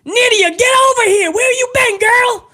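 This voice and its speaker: A man doing an impression of a cocky trailer-park wrestler, shouting and boasting. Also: extremely high pitch, normal speed, pitched above the performer's own voice. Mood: cocky, brash.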